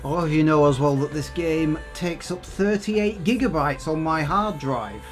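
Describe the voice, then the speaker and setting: A man's voice: a little high, measured pace, soft background music. A man doing casual, exasperated game commentary with plenty of swearing. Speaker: gaming YouTuber.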